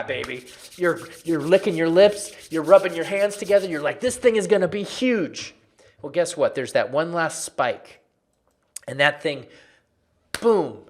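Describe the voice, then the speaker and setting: A man walking viewers through trading charts in a lively, conversational lesson, often repeating phrases for emphasis. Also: fairly high pitch. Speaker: trading educator.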